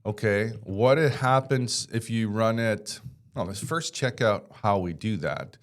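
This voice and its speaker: Low-voiced joking male tech instructor. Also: unhurried. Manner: chatty, joking, rambling asides. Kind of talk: casual screen-share tutorial.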